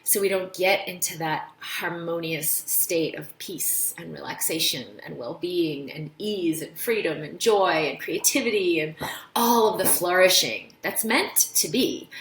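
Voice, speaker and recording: A woman doctor hosting a laid-back live stream talks in a lowish voice with a reverberant sound. Her explanations of health ideas mix with lively storytelling, where she acts out the voices of others.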